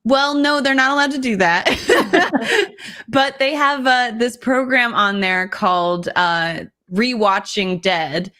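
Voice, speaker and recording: A woman's voice: fairly high pitch, animated, takes it slowly, bright, forceful tone. A woman chatting casually as a guest player, bubbly and rambling and laughing often. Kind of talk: casual chat.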